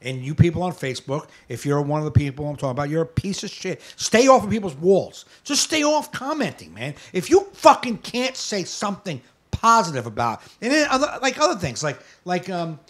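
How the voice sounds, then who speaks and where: A man's voice: sits high, big pitch swings, a little fast, hardly any pauses, a bit bright. A man co-hosting a podcast in casual chat, ranting bluntly and with plenty of swearing, and often tossing in short agreeing replies. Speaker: podcast co-host.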